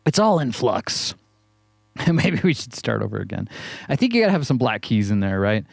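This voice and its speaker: A man's voice: mid-range voice, very animated, moderate pace, creaky, no echo. A man hosting a synth video, chatting casually and playfully while he jams, laughing at himself often. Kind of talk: casual chat over live synth jamming.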